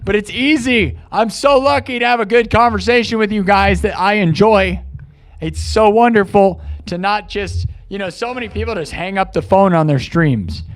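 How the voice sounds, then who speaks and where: A man hosting a live stream, rambling excitedly to his chat. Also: high-pitched, moderate pace.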